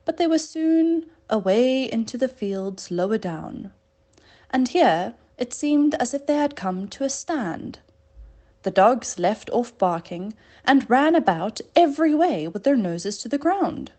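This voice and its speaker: A woman's voice: on the high side, lively intonation, measured pace, mellow. A woman reading a classic story aloud in a plain conversational way, correcting her slips as she goes. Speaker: reader.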